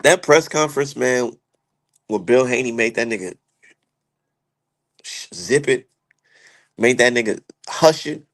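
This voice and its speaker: A man's voice: mid-range voice, measured pace, pauses often, a bit bright. A young man giving heated, profane, slangy commentary as a streamer. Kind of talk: ranting casual commentary.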